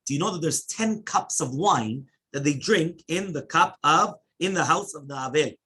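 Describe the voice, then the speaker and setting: A man's voice: a little high, husky. A male rabbi teaching a Talmud class in English, rattling off Hebrew quotations and translating them, with frequent "right?" and "yeah?" check-ins. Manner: animated, questioning asides like "right?" and "yeah?"; chants Hebrew quotes rapidly.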